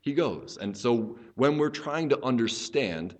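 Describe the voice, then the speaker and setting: A man's voice: mid-range voice, lively intonation, measured pace, darkish tone. A man preaching an expository teaching sermon as a pastor, explaining earnestly and often restarting his phrases as he thinks aloud.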